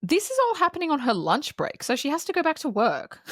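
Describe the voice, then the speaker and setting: Swearing, lively woman recapping a film. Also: high voice, brisk, dry recording, clean studio sound. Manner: animated storyteller who acts out quotes and swears freely. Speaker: podcast co-host.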